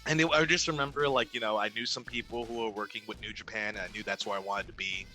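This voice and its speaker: A young man, a ring announcer, chats through a long story and animates the quoted exchanges. His voice is strikingly bright and forceful. Faint music runs quietly behind him. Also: lowish voice, steady tone, quick pace. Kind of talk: casual storytelling interview.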